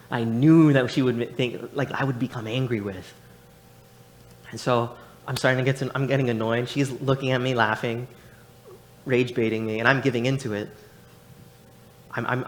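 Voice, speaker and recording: A man's voice: mid-range voice, a little hiss or hum. A young adult man preaching in church, telling a personal story with frequent restarts and repeated words. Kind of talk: sermon. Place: church sanctuary.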